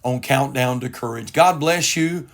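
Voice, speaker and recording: A man's voice: mid-range voice, measured pace. A man, a pastor hosting a broadcast, preaching in an earnest, repetitive way. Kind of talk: devotional broadcast sermon.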